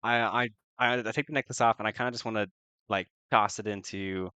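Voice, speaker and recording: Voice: mid-range voice, fairly even intonation, fairly quick, sharp tone, clean tone, no room sound. Tabletop player, laughs a lot, lots of ums, dry close sound. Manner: laughing often, hesitant with fillers. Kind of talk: playing a tabletop game.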